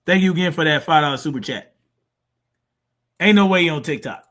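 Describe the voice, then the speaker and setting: A man's voice: fairly high pitch, fairly quick, fairly bright tone. A man hosting a live stream, reacting to clips with blunt, profane, mocking commentary. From family from Mississippi. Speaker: streamer host.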